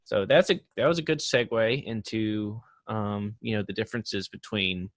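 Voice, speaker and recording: A man hosting a casual podcast chat, rambling through examples and growing animated when he makes a point. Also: lowish voice, normal speed, no room sound. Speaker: podcast host.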